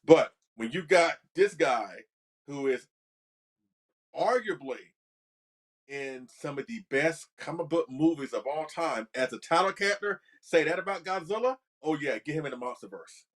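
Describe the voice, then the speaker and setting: Enthusiastic male podcast co-host, slightly high. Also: animated, moderate pace. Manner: enthusiastic, many fillers like "you know" and "like". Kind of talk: casual chat.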